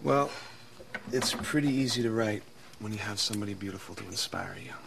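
A young actor playing a gentle, soft-spoken songwriter boyfriend in a sitcom. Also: male voice, on the low side, fairly quick, vocal fry, background noise. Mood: tender. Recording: guitar music behind.

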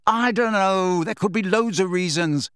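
A man voicing an agitated teenage boy wizard who speaks urgently and shouts, in an audiobook reading. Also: fairly high pitch, big pitch swings, normal speed, no room sound, clean studio sound, voice pushed up. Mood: urgent, shouting.

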